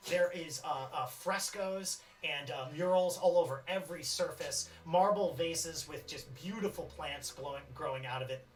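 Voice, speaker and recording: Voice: medium pitch, normal speed, few pauses. A game master narrating a tabletop game scene, rambling with many fillers and restarts. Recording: distant mic with faint music.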